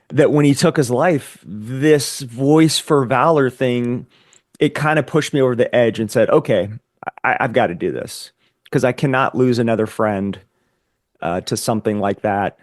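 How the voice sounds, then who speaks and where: A man's voice: medium pitch, no echo. Man, candid storytelling, mid-range voice, repeats words, dry recording. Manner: earnest, reflective, halting with repeated words. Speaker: podcast guest, Air Force veteran.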